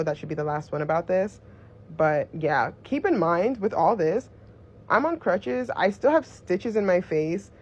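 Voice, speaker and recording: Young woman ranting thru a storytime vlog, kinda husky voice, dull lo-fi sound. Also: sits low. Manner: blunt, profane, animated retelling. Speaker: storyteller vlogger. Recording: dull lo-fi recording.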